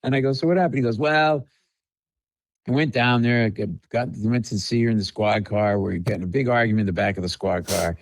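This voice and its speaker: His voice sits on the low side and his delivery is brisk as this comedian guest tells stories on a podcast chat, acting out the dialogue with animation. The audio is poor and has no echo.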